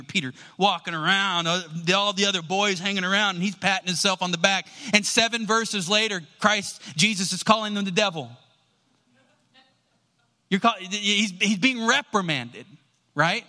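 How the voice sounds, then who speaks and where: Male preacher, high bright voice, animated storyteller who acts out dialogue. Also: normal speed. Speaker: pastor. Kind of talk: sermon.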